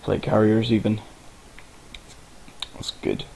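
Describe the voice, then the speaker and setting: A man's voice: fairly low pitch, fairly even intonation, slow, vocal fry, darkish tone, breathy edge, poor audio. A man narrating a casual game tutorial, rambling and informal, with the odd swear.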